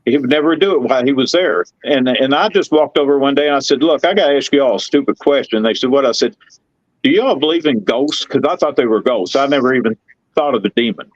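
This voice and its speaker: A middle-aged man, telling rambling, excitable stories in casual chat. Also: medium pitch, quick pace, no room sound, muffled recording. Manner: folksy, rambling, excitable storyteller. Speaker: guest telling paranormal stories.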